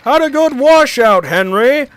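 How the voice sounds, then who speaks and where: A jeering storybook engine, put on by a man, pitched very high and called out loudly. The voice is mocking and teasing throughout. It sounds close and dry. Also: animated, measured pace, no echo, full character voice. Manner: loud and mocking. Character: teasing male engine calling out.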